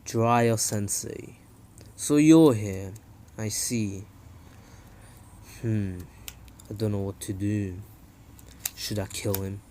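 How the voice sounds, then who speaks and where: A young man voicing a cold, solemn male ninja leader in a low, slow, grave voice for a fan story. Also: steady tone, dark tone, a little hiss or hum. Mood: menacing.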